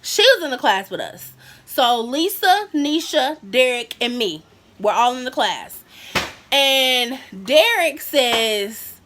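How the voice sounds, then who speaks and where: A young woman vlogger telling a high school story in a casual, animated way, acting out what people said. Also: slow. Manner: animated, acts out quotes.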